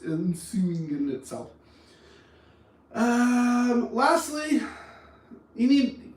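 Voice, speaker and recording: High-voiced man coaching on anger, echoey. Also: far from the mic. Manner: animated, acts out arguments in different voices. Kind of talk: motivational talk on anger. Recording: roomy echo, speaker off-mic.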